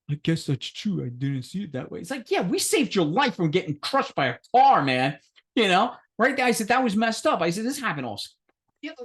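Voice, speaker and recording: During a relaxed podcast chat, one of the co-hosts spins a lengthy story, voicing every character with big jumps in pitch. He laughs as he goes and doesn't hold back on the swearing.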